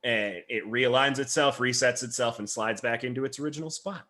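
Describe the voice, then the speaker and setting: A man's voice: mid-range voice, brisk, pushed and bright. Rambling man running a tabletop game. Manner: rambling, hesitant narration with many restarts. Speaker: game master.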